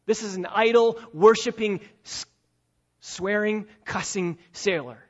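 A man preaching an expository sermon, emphatic and repetitive, swinging between loud and quiet. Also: sits high, unhurried, muffled recording.

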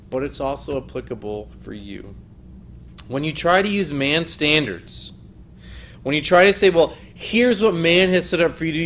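A man's voice: on the high side, fairly bright tone, a little hiss or hum. A man teaching a lesson on biblical counseling in an earnest, emphatic way, often quoting scripture. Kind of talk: recorded teaching lecture.

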